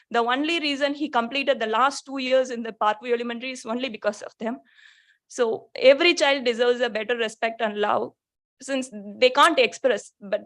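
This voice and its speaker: A woman's voice: high-pitched, fairly bright tone. A woman, a parent, making an earnest public comment at a school board meeting, asking the district for support.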